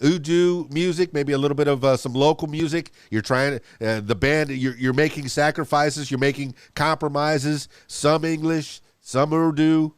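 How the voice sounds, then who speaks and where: Male interviewer, smooth clear voice, dry close sound, rambling chatty questions. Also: on the high side, steady tone, normal speed, few pauses, no room sound. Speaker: podcast host. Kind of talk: casual interview talk.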